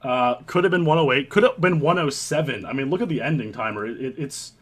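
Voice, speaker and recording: A young man hosting and narrating his own story in an earnest, halting way, often restarting his sentences. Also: mid-range voice, a bit bright, breathy edge. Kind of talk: reflective storytelling commentary.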